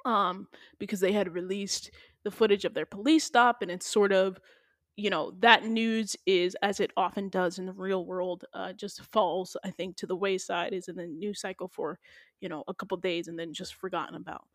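Recapping a TV episode for her podcast, a young woman chats casually in an animated, playful style peppered with slang. She speaks at normal speed in a mid-range voice, and the dry recording has studio quality.

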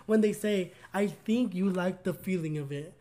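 A man's voice: sits high, moderate pace, warm tone. A young man co-hosting a podcast, telling a personal story in casual chat, earnest and gushing with lots of "like" fillers. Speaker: podcast co-host.

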